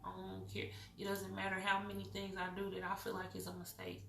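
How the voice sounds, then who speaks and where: A woman's voice: medium pitch, monotone, a little fast, creaky, a bit bright, slight background noise. A young woman doing a casual spiritual card reading, candid, profane and goofy, laughing often. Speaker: intuitive card reader. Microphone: microphone. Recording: roomy, distant mic, faint music.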